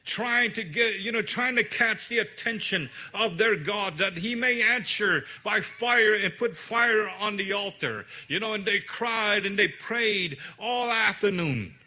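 A man's voice: high voice, expressive, measured pace, few pauses, bright, forceful tone. A man preaching a sermon, retelling a scripture story in his own words with many fillers and restarts.

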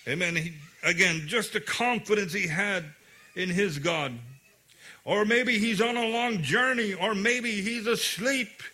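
A man's voice: sits high, a little slow, sharp tone. A man preaching a sermon, retelling a scripture story in his own words with many fillers and restarts.

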